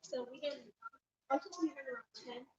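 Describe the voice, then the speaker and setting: A woman's voice: sits high, fairly quick, mellow, highs cut off. A woman in a home kitchen hesitantly recounting her evening in casual chat, with restarts along the way.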